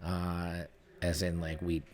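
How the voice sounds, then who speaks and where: A man's voice: low voice, completely flat delivery, slow pace, darkish tone. A man co-hosting a podcast, telling a story in a laid-back, rambling way, recorded in a bar. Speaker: podcast co-host. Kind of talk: casual chat, storytelling.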